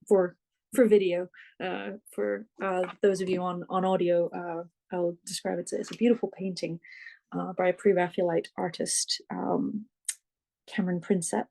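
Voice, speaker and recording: A very gravelly, husky voice with a mellow, dark tone, belonging to an author in an interview. They speak reflectively and unhurriedly, stopping often with soft fillers as they hunt for the right phrase. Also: medium pitch. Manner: thoughtful, searching for words, many fillers. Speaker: author, guest.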